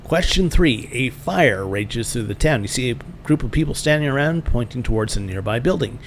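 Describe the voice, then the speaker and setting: A man's voice: medium pitch, animated, normal speed, slight background noise. A man casually reading and narrating a game he is playing, with wry, self-mocking asides.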